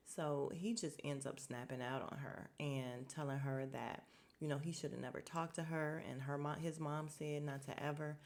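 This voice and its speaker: A woman's voice: deep voice, darkish tone. A woman hosting a podcast, recapping a TV episode in a chatty, frank way, laughing and swearing as she goes. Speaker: podcast host.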